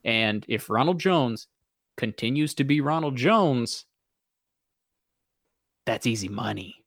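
A man's voice: medium pitch, animated, takes it slowly, a bit bright, dry recording, clean studio sound. A man co-hosting a fantasy football podcast from a desk, speaking emphatically and with enthusiastic praise. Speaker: podcast co-host. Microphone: close studio mic at a desk.

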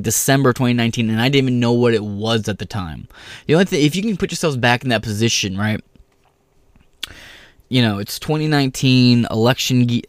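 Here is an American man in a heated, profanity-laden rant, his voice sitting at a middle pitch. He is recorded dry, with no room sound around him, and he slips into mocking impressions of the people he talks about. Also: dry recording. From United States. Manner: profane, heated, swears constantly; mocks others by mimicking them. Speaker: vlogger. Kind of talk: ranting monologue.

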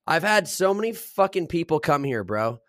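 A man's voice: fairly high pitch, normal speed, no echo, studio quality. A man in his twenties, a podcast co-host, telling stories in casual chat with plenty of swearing. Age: 20s. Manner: swears a lot, animated storytelling.

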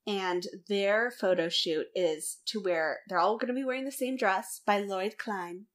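A woman's voice: mid-range voice, measured pace. A woman co-hosting a casual podcast, recapping a TV episode in a chatty, wry way. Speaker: podcast co-host. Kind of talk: casual chat recapping a TV show.

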